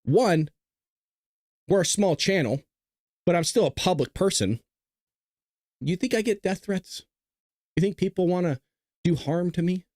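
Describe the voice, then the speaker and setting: Guy hosting a live stream, blunt and casual, keeps clearing his throat, dry sound. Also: high voice, measured pace, pauses often, a little mellow, no room sound. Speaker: show host. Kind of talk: livestream commentary to a chat.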